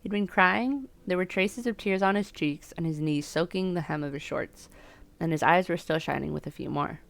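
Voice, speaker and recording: A woman's voice: on the low side, normal speed, vocal fry. A young woman streaming a dating sim, reading the game text aloud and chatting about it in a self-mocking way, laughing often. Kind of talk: casual let's-play commentary and reading game text aloud.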